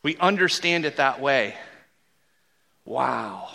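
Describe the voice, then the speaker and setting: A man's voice: mid-range voice, lively intonation, takes it slowly, gravelly, sharp tone. A man in his forties preaching a sermon as a pastor, casual and joking, often restarting his sentences. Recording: long reverb from a large hall.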